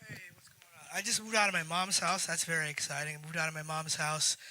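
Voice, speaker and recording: A man doing stand-up in a club, with a deadpan, self-deprecating delivery. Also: on the high side, fairly quick, background noise. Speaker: stand-up comic. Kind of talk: stand-up set. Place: comedy club stage.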